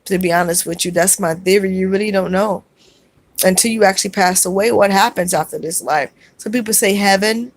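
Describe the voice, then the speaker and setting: A woman hosting a livestream, reading viewers' comments aloud and answering them in a soft, halting way with many fillers. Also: mid-range voice, dry recording. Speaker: livestream host.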